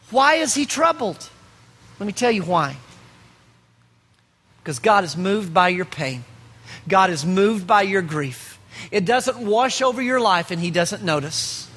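Male pastor, sermon, high voice, rhetorical questions. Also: fairly bright tone, breathy edge. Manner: preaching with rhetorical questions and pauses.

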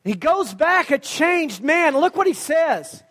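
Pastor, male, very high voice, lively storyteller, rhetorical questions. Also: slow pace. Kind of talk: sermon.

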